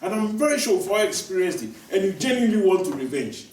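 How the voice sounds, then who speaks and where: Male preacher, somewhat high voice, emphatic and repetitive, heard from a distance in a roomy space. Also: very animated, fast talker, a little mellow, slight background noise. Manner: repetitive, emphatic, many restarts. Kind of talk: sermon. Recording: echoey room, voice from far off.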